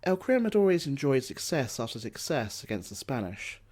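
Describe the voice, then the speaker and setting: A man's voice: mid-range voice, very animated, moderate pace, darkish tone. A man with an everyday mid-range voice reads a scripted history narration. He delivers it steadily, then slips in dry, sardonic asides along the way.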